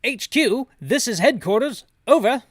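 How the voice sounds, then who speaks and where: A stuffy British headquarters officer barks over the radio, stiff and formal, calling people governor and squire, as a man puts him on. The voice sits well above a normal man's pitch and comes out loud. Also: lively intonation, measured pace, no echo, clean studio sound, exaggerated voice. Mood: clipped formal. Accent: put-on British.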